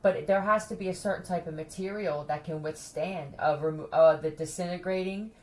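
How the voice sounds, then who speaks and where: A woman hosts a casual chat for her viewers, her voice sitting on the low side. She talks bluntly, swears freely and laughs often. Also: fairly even intonation, fairly quick. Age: adult who has a son.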